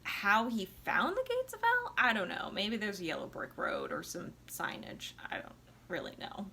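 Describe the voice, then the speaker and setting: A woman's voice: medium pitch, huge pitch swings, moderate pace, creaky, sharp tone, slight background noise. A tipsy woman vlogger retelling an opera plot in a chatty, slangy way with sarcastic asides. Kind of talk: casual comic retelling.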